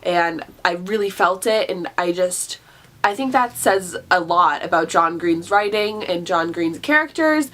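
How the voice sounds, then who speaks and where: A woman's voice: lowish voice, animated, measured pace, a bit bright. A young woman chatting in a casual book review vlog, gushing and chatty, with many fillers and restarts. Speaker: booktuber.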